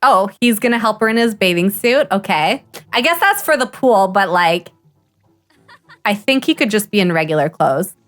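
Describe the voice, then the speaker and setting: A woman streamer giving casual live gameplay commentary, excitable and gushing, often gasping and laughing. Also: mid-range voice, normal speed, faint music behind.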